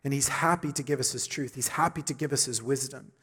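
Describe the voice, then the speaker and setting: A middle-aged man preaching a sermon with emphatic delivery, repeating key phrases and building to loud high peaks. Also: quick pace, husky. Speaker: pastor.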